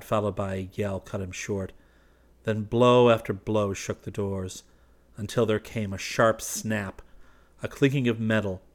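Male audiobook narrator, lowish, measured delivery.

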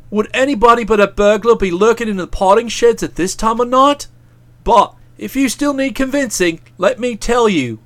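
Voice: mid-range voice, fairly bright tone, voice pushed down, lightly acted. A reader voicing a self-satisfied young man who talks in a breezy, pompous way. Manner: breezy, pompous, pleased with himself. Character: self-satisfied young male writer, jaunty.

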